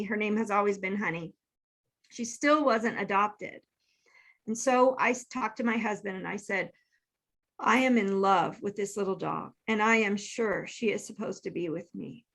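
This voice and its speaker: A woman's voice: medium pitch, fairly bright tone. A woman in her fifties telling a personal story earnestly and with feeling, acting out the lines she quotes. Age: 50s. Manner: emotional, earnest, acts out quoted texts. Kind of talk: casual storytelling.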